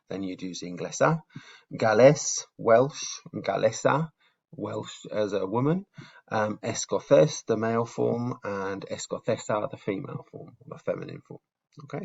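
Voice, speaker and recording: A man with a low, gravelly voice walks beginners through a lesson in a relaxed, casual way. He explains patiently, step by step, with plenty of ums. The recording sounds dull and lo-fi. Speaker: Spanish teacher.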